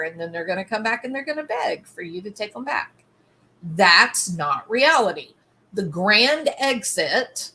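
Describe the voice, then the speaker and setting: A woman's voice: medium pitch, bright, forceful tone. A woman giving emphatic commentary, sometimes acting out quoted lines.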